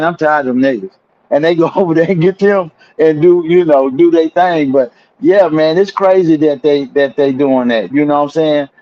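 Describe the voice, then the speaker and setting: A man with a high voice chats loosely on a podcast, stumbling over repeated words and circling back to his point. The audio is dull and lo-fi. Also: a little mellow. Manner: rambling, repeats himself, drawn-out asides. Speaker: podcast co-host. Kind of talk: casual chat.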